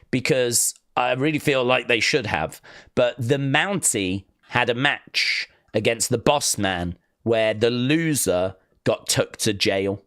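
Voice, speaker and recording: A man's voice: mid-range voice, fairly bright tone, no room sound, clean studio sound. A man hosting a wrestling live stream, chatting casually and rambling through fond memories with plenty of fillers. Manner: rambling, reminiscing, with fillers and acted-out quotes.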